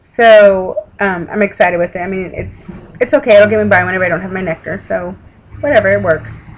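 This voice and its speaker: A Texan woman who vlogs about weight loss rambles casually to camera from a home room with an open window, outside noise drifting in. Her mid-range voice is fairly even and fairly quick on a rough recording. She's chatty and tired, yawning and swearing casually.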